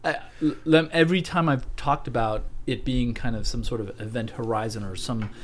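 A man's voice: medium pitch, brisk. A man trading wry, teasing banter with his co-host in a casual chat. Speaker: podcast co-host.

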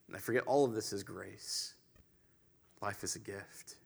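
A male pastor delivering a sermon in a conversational, storytelling way, with emphatic swells and quiet drops. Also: lowish voice, moderate pace, creaky, slight background noise.

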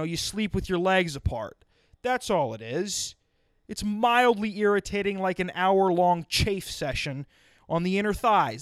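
A man's voice: high-pitched, a bit bright, clear, resonant tone, dry recording, studio quality. A man ranting solo on a podcast, exasperated and profane, swerving into sarcastic tangents. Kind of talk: solo comedic rant.

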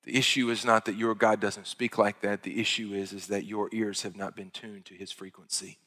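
A man's voice: flat delivery, moderate pace. Impassioned male pastor in a reverberant hall. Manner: impassioned preaching that swells loud and high, then drops to hushed tones. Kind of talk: sermon.

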